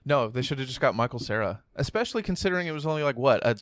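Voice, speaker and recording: A man's voice: mid-range voice, animated, rapid-fire, a bit bright, dry recording, studio quality. A man co-hosting a casual podcast, ranting his opinions with a lot of swearing. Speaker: podcast co-host. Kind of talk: casual chat. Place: home podcast setup. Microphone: studio mic turned sideways.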